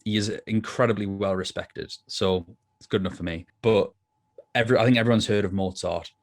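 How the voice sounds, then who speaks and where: A man's voice: lowish voice, steady tone, a little fast. A man co-hosting a film review podcast, chatting casually and thinking aloud with plenty of restarts. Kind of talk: casual chat.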